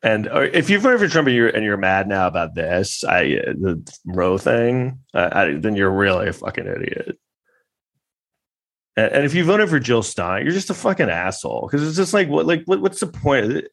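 Man, low gravelly voice, casual rambling rant, sarcastic and profane. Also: very animated, moderate pace, fairly bright tone. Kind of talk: casual ranting monologue.

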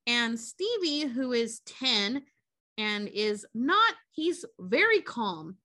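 A woman co-hosting a podcast, recapping a movie in a casual, profane, animated way. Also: on the high side, takes it slowly, no room sound, studio quality. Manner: profane, animated retelling with quoted character voices. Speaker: podcast co-host.

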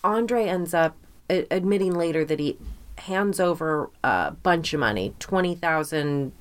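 A woman with a fairly low voice tells a true crime story in loose, casual podcast chat. She is animated, often slips into quoting people, and peppers her telling with fillers and blunt asides. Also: a little slow, clean tone. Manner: lively, quotes people in voices, swears, filler-heavy.

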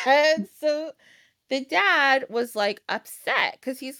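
A podcast host casually retells a fairytale, laughing often and acting out the quoted lines with animation. Her voice sits high and she speaks slowly. The recording is dry and studio quality.

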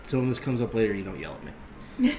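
A man narrating as game master of a tabletop game, describing scenes in a measured way. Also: fairly low pitch, very animated, darkish tone, reverberant, faint music behind, rough recording.

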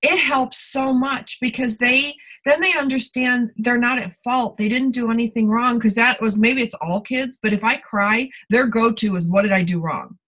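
A woman's voice: a little high, steady tone, moderate pace, few pauses, low-quality recording. Candid middle-aged woman telling stories. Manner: candid storytelling, warm confiding tone. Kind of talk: casual conversation.

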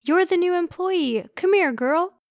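A woman's voice: high voice, moderate pace, no room sound, clean studio sound. A woman voicing a huge, friendly young man who talks in an eager, bouncy way. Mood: cheerful.

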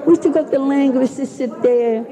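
A woman's voice: high-pitched, fast talker, crowd noise, poor audio. An older woman, chatty and rambling as she tells stories of the old days in an interview. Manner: chatty, rambling, laughs at her own stories. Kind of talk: reminiscing oral history.

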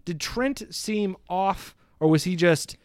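A man's voice: sits high, slow, no room sound, studio quality. A man co-hosting a podcast, chatting casually and sarcastically about a film he disliked. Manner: animated, sarcastic, laughs often. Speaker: podcast co-host. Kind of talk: casual movie review chat.

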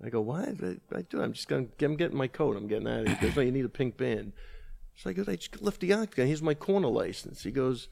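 A man's voice: medium pitch, very fast, gravelly, hardly any pauses. A man on a podcast telling a story with swearing, getting worked up as he retells it. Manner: animated storyteller, swears, gets heated retelling. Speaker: MMA coach and podcast regular. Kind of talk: casual chat, storytelling.

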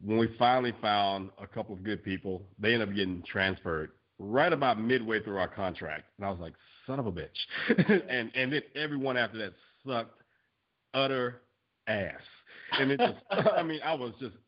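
Animated male podcast storyteller, lively pitch. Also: moderate pace, highs cut off. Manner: animated storyteller, acts out quotes, laughs often. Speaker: podcast co-host. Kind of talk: casual chat.

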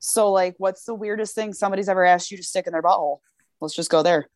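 A woman's voice: mid-range voice, fast talker, darkish tone, no room sound. A woman hosting a podcast, chatting in a bubbly, playful way and laughing often. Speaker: podcast host. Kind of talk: casual podcast chat.

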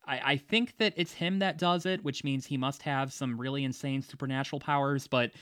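A man's voice: medium pitch, brisk, a bit bright, smooth, no room sound, studio quality. A man hosting a casual movie discussion, chatty, with frequent laughs and fillers. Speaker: podcast host.

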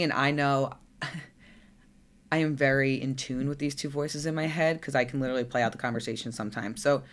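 A woman coach talking casually on her solo podcast, blunt and chatty, swearing freely and tagging thoughts with "right?". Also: rumbling low. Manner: says "right?" a lot. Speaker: fitness and nutrition coach.

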